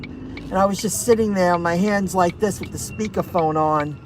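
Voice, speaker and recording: A woman with a fairly low voice speaks at a moderate pace and in a steady tone as she vents to her viewers. As a rideshare and delivery vlogger, she recounts an indignant story and reads their comments, with a noisy car and street in the background.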